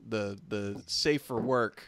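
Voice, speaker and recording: A man's voice: on the low side, takes it slowly, a bit bright, dry recording. A man who co-hosts a stream and drops dry, teasing remarks in the background.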